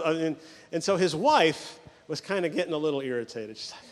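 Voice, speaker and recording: A male pastor preaching a sermon, telling stories with quick mimicry of the people in them. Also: a little high, expressive, big-room sound.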